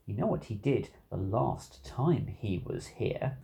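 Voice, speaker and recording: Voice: medium pitch, expressive, slow pace, gravelly, mellow, voice pushed down. A storybook reader voicing a young girl who scolds and warns. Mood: worried.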